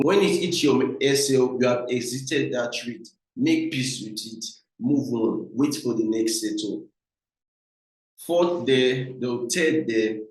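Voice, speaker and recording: A man with a Nigerian English accent giving a trading lesson, emphatic and repetitive, often calling his viewers guys. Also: mid-range voice. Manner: emphatic, repeats points, addresses viewers as guys. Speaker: trading mentor. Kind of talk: instructional talk. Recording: very echoey room.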